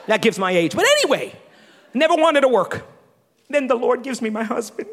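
A middle-aged woman giving a sermon testimony in a church, animated, humorous and self-deprecating. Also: high-pitched, a little fast, long reverb tail. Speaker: church speaker.

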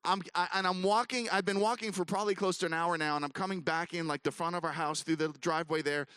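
Bright, animated man telling a story. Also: sits high, fast, smooth, no room sound. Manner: animated storyteller, many fillers and restarts; self-mocking humor. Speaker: ministry conference speaker. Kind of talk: storytelling talk to an audience.

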